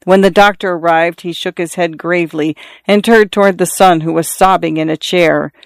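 A reader narrating a story in a measured, even storytelling manner. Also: medium pitch, creaky, dry recording. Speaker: audiobook reader. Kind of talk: scripted narration.

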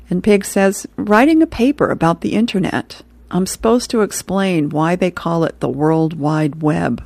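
A woman's voice: on the low side, moderate pace, gravelly, few pauses, a little mellow, no room sound. Chuckling woman reading comics aloud. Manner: chuckles between items, reads comic strips aloud. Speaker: radio host reading comics.

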